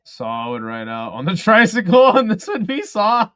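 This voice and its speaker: Excitable, cursing male fight-stream host. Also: high voice, normal speed, dry recording, clean studio sound. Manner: excitable, profane, laughs often. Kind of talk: live fight commentary.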